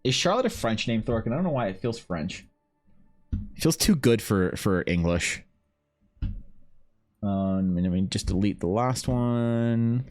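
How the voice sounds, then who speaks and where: A man's voice: lowish voice, animated, unhurried, long pauses, a little mellow. A man streaming live as he draws, talking casually to himself and his chat, rambling and swearing freely.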